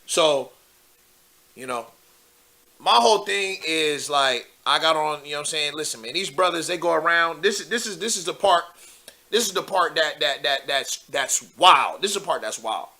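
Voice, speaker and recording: Male call-in host, bright tense tone, slightly high voice, animated, casual. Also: moderate pace. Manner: animated, rising to near-shouting when worked up. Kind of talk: casual call-in talk show.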